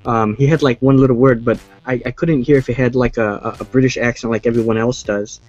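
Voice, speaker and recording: Rambling male movie-chat host, mid-pitched, muffled lo-fi recording, faint music under him. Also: fairly even intonation, fast talker, a little mellow. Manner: rambling, restarts a lot, many fillers.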